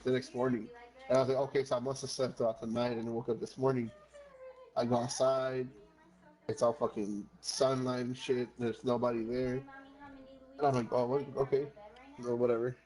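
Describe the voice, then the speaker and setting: A man's voice: medium pitch, flat delivery, fairly quick, a little mellow, low-quality recording. A man chatting with gaming friends, telling a long rambling story, swearing often and slipping into Spanish phrases. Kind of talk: casual storytelling chat.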